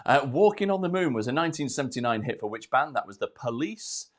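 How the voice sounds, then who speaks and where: A man's voice: mid-range voice, animated, quick pace. A man hosting a live online quiz from home, out of breath, chatty and self-deprecating as he reads out questions and answers. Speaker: quiz host.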